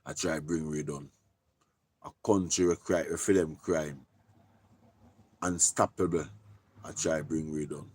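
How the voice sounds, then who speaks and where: A Jamaican man talking casually on a live stream, giving shout-outs in loose patois and repeating his catchphrases. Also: extremely low pitch, fairly even intonation, unhurried, pauses often, breathy edge.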